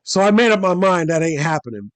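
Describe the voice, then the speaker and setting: Podcast host, male, high voice, animated and profane storyteller who acts out the people he quotes. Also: fast talker. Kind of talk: casual storytelling chat.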